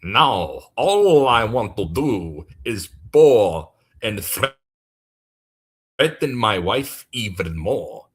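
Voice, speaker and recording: A man voicing a menacing self-styled goddess who bullies followers, in a slow, low, threatening way. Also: very animated, slightly rough, heavily acted.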